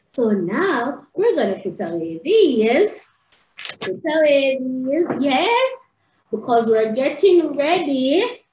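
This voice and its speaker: A woman teaches small children in a high, sing-song voice that leaps all over, bursting with excitement. She takes her time between phrases. The recording is roomy and a little dull. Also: slow pace, slight background noise. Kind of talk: animated lesson for young children. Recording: roomy, slightly dull home video.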